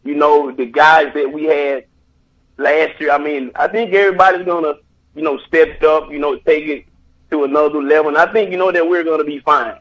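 A man's voice: on the high side, steady tone, fairly quick, a bit bright. A man calling into a sports radio show, rambling with many fillers. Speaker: caller. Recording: dull lo-fi phone line.

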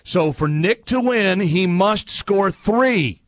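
A man's voice: sits high, animated, crowd noise. A man hosting a fill-in-the-blank quiz on a talk show, teasing and laughing with the panel. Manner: playful, teasing, quick to laugh. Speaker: quiz host. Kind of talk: casual radio banter.

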